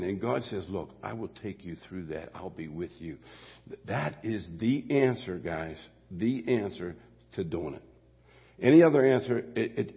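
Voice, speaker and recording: Older guy preaching, husky and gravelly, rambly folksy sermon, dull lo-fi recording. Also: lowish voice. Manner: folksy, rambling, with frequent restarts and asides. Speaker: pastor. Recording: dull lo-fi audio with long hall reverb.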